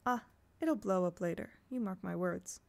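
A woman reading aloud, voicing a smooth, falsely charming grown woman with a bright, sweet manner that turns cold and tight. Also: mid-range voice, normal speed, lightly acted. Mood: falsely pleasant.

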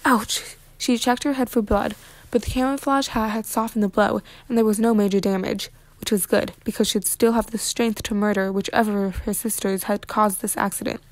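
A woman reading a children's novel aloud with lively, expressive narration. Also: medium pitch, fairly quick, no echo. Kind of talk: read-aloud storybook narration.

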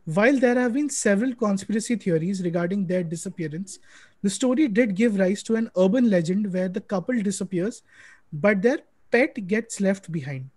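A man runs a live quiz stream in a chatty, brisk way. He rattles through lists of names at speed. He speaks through a computer mic on a video call. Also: sits high, animated, darkish tone, dry recording. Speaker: quiz host.

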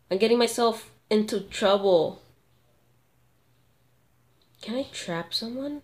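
A woman commentating her own gameplay, excitable and gasping at sudden moments, thinking aloud and talking to viewers. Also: on the high side, takes it slowly, pauses often. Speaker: gamer.

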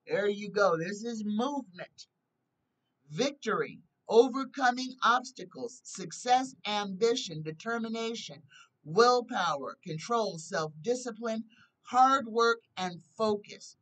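A woman gives a tarot reading at an unhurried pace, reading card keywords aloud in a list and pleading earnestly with the viewer. Her voice sits a little back from the microphone. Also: mid-range voice, lively intonation, fairly bright tone, far from the mic, poor audio. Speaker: tarot reader.

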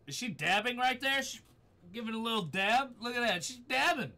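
A man's voice: very high voice, expressive, moderate pace, sharp tone, slight background noise. A man streaming a horror game live, swearing freely, startling easily and talking back to his chat. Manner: profane, jumpy, talks back to chat. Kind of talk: live gaming stream commentary. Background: game music.

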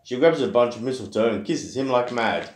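A woman's voice: rumbling low, a little fast, darkish tone. A woman reading a rhyming Christmas picture book aloud to a child at home, in a playful read-aloud manner. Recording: roomy home echo.

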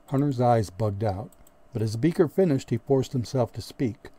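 A man reads an audiobook in a steady, measured manner. His voice is mellow and dark, at an ordinary male pitch. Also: husky. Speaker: audiobook narrator. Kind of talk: scripted narration.

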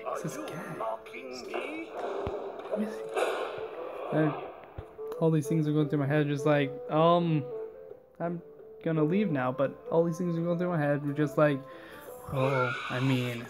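Young guy rambling a story while gaming, voice a bit high, game music going. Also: moderate pace. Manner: rambling, animated, full of fillers and asides. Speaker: gaming channel host.

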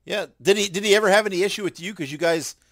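A man with a fairly high voice hosts a podcast interview. He asks brisk questions and drops short acknowledgments, and he sounds close and dry. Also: no room sound. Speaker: podcast host.

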